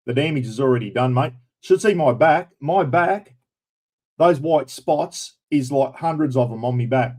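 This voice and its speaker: Australian bloke in his fifties, host of a casual live stream, rambling and matey, mid-pitched voice. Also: a little mellow. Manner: blokey, rambling, lots of "mate" and "bloody". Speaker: livestream host.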